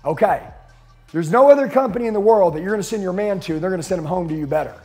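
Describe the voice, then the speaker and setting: A man's voice: high-pitched, expressive, racing, dark tone, faint music behind. A man giving a profane, intense motivational talk as a sales coach to an audience.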